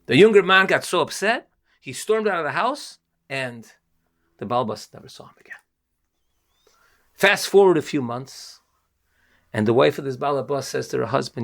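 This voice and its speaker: A rabbi giving an earnest, emphatic Torah lesson and weaving in a story. His voice is gravelly and sits on the higher side. He pushes hard on key points. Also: animated, brisk, fairly bright tone.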